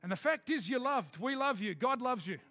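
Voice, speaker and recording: A man preaching a sermon, emphatic, switching between quick asides and slow, loud declarations. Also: extremely high pitch, animated, no room sound.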